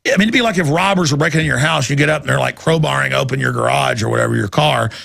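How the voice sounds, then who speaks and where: A man's voice: mid-range voice, big pitch swings, racing, creaky, a bit bright, no room sound, studio quality. A man hosting a talk show, giving emphatic, rambling, impassioned commentary. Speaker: show host.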